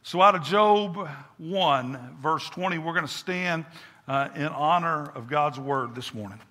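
Male pastor, preaching style, bright edge, echoing sanctuary. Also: a little high, measured pace. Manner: preaching cadence, repeats words for emphasis, call and response. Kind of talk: sermon. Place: church sanctuary with congregation. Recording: echoey church hall.

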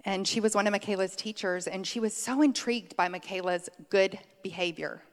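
A middle-aged woman delivers a sermon in a relaxed, chatty way, laughing easily and wandering onto tangents. Her voice sits at an ordinary pitch for a woman. The sound rings out with a long hall reverb, as in a church sanctuary. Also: fairly quick. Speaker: preacher. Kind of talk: conversational sermon.

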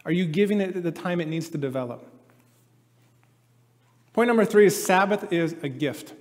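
A man's voice: high-pitched, expressive, normal speed, a little mellow. Man preaching in an echoing hall. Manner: conversational, acts out quoted voices. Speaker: pastor. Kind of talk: sermon. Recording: long hall reverb.

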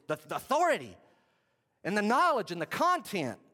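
A man preaching a sermon, swinging between loud outbursts and hushed asides. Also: sits high, huge pitch swings, moderate pace. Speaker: pastor. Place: church sanctuary. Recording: long reverb of a church hall.

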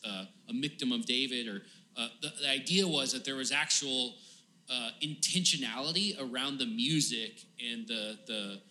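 Guy preaching a sermon, bright voice, lots of uh and like, gets pleading and emphatic. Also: medium pitch. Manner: casual, halting delivery with many fillers and restarts; grows pleading and emphatic when paraphrasing the psalm. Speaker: pastor.

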